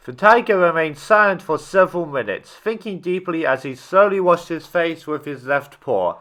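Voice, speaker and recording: A man reading a children's story aloud, steady with small slips and restarts. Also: on the high side, moderate pace, hardly any pauses.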